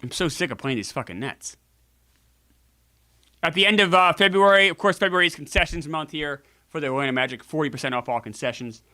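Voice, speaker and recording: A man's voice: on the high side, a little fast, bright, forceful tone, no room sound. A man hosting a casual video game playthrough, joking with viewers and cursing freely as he comments on the game. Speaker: gaming show host.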